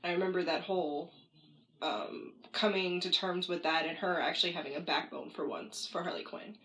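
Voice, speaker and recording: A woman co-hosting a podcast in casual chat, opinionated and quick to react. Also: lowish voice, steady tone, fairly bright tone, poor audio. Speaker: podcast co-host.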